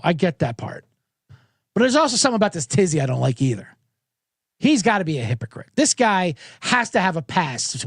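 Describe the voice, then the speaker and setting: A man's voice: sits high, dry recording. A man hosting a podcast, rambling through a casual, irreverent and profane monologue into a close studio microphone. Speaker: podcast host. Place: home studio with monitors.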